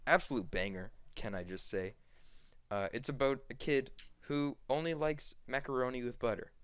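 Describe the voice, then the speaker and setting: A young man co-hosting a casual podcast, rambling through an animated retelling full of fillers and acted-out quotes. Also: mid-range voice, normal speed, clear, resonant tone, no room sound. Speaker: podcast co-host. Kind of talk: casual chat.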